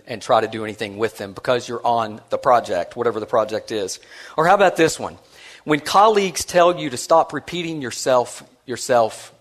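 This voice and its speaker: Male keynote speaker, animated storyteller, chatty and self-mocking, acts out quotes. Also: mid-range voice. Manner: self-deprecating and conversational, with many restarts. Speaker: conference speaker.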